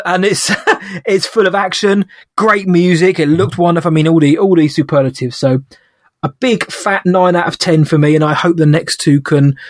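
A man's voice: fairly high pitch, dry recording. Chatty man, dry close sound. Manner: enthusiastic, rambling with restarts. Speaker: podcast co-host. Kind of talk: casual podcast review chat.

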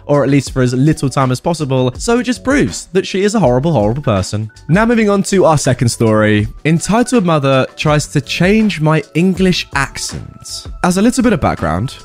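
A man's voice: fairly high pitch, brisk, faint music behind. A young man reading online stories aloud and adding opinionated commentary, talking directly to viewers. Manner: animated, opinionated, talks to viewers. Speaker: story narrator and commentator.

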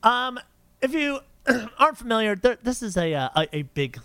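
A podcast host who keeps breaking into laughter and fumbles foreign names. He talks in a high, bright voice that jumps all over its range. The sound is dry and close. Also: very animated, normal speed, dry recording. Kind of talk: casual chat.

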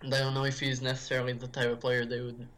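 A man's voice: medium pitch, completely flat delivery, fast, a bit bright. Rambling man chatting about football. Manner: rambling, many restarts and fillers like "if you will". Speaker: podcast guest. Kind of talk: casual football chat.

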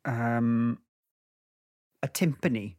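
A man as a guest on a podcast quiz, chatty and thinking out loud with fillers and playful asides. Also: medium pitch, extremely slow. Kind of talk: casual quiz chat.

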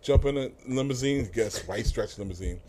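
A man's voice: mid-range voice, moderate pace, mellow. A middle-aged man tells stories in a casual interview. His voice sits in an ordinary middle register. He talks loosely, swears freely and often restarts his sentences. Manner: loose, profane, full of fillers and restarts. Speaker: music industry guest.

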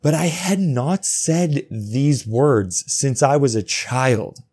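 A man in his own podcast, telling a confessional story straight to the mic. His talk is frank and full of swearing, and he slips into replays of his own inner thoughts. His pitch sits at an ordinary middle height for a man. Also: lively intonation, takes it slowly, darkish tone, breathy edge. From Alberta, Canada. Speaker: podcast host.

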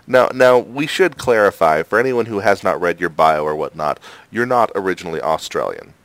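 Deep-voiced man hosting a podcast. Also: animated, a little fast, a bit bright, no echo. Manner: friendly, laughs often. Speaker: podcast host. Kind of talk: casual podcast interview.

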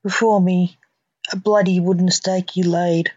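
A woman podcast host, a poet and author, reading her own rhyming spooky stories with a measured storytelling cadence. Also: lowish voice, flat delivery, darkish tone, breathy edge, dry recording. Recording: dull lo-fi dry recording.

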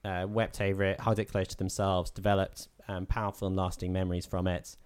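A man with a low voice chats casually about films as a podcast co-host. His tone is smooth and resonant, and he riffs and jokes constantly, swearing now and then. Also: flat delivery, brisk. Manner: jokey, riffing, with frequent laughter. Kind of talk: casual film-review chat.

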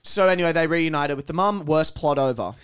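A man's voice: fairly high pitch, a little fast, a bit bright, clear, resonant tone. A man co-hosting a comedy podcast, recapping scenes in casual chat with blunt jokes. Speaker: podcast co-host.

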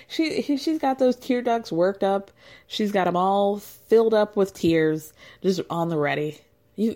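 A woman's voice: medium pitch, mellow. A woman recapping a reality show in a casual, gossipy, chatty way, laughing often.

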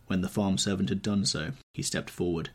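Husky low-voiced male storyteller. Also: fairly even intonation. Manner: measured, dramatic storytelling. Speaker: podcast audiobook narrator. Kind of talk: scripted narration.

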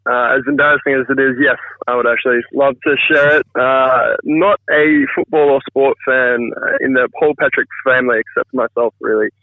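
A man's voice: medium pitch, fairly even intonation, brisk, few pauses, dry recording. A man in his thirties calling in by phone, telling a funny family story in a chatty, self-deprecating way. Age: 30s. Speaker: caller telling a viral story. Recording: tinny phone line, dry.

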